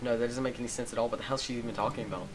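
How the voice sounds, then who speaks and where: A man gamer reading a visual novel game aloud and reacting, excitable with loud outbursts. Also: mid-range voice, racing, background noise.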